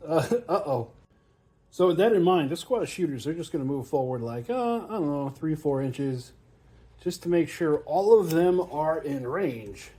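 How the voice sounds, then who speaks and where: A man's voice: fairly high pitch, warm tone. A man hosting a tabletop wargame battle report, chatting casually as he counts dice aloud and laughs often. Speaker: tabletop wargame player and channel host.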